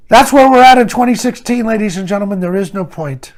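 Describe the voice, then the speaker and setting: An older man giving a blunt, sarcastic opinion monologue to camera, scoffing at the year's trends. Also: fast. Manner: mocking voices of others in raised pitch. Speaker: commentary vlogger.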